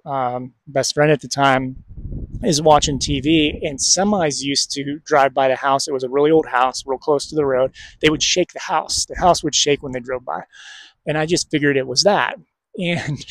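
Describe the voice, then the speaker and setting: A man's voice: medium pitch, no room sound. A man telling a personal story in a casual, rambling way, with fillers, restarts and small laughs. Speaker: spiritual reader.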